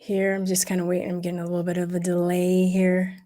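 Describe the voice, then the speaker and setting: A woman hosting a casual livestream, talking to viewers with many pauses, fillers and restarts, and growing emotional at times. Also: fairly low pitch, completely flat delivery, warm tone. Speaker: livestream host.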